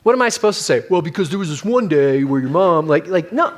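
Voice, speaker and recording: Male pastor, middle-aged, higher voice, casual animated sermon delivery. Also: quick pace. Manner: conversational, animated storytelling with acted quotes.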